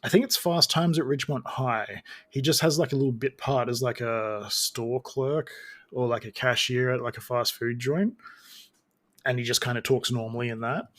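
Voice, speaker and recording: A man's voice: mid-range voice, fairly even intonation, normal speed, fairly bright tone. Rambling casual male podcast host. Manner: rambling, many restarts and fillers. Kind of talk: casual chat.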